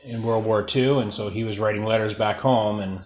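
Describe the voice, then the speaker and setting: A man interviewing relatives about his family history, casual and halting, with many fillers and restarts. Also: on the low side, steady tone, a little mellow, echoey room.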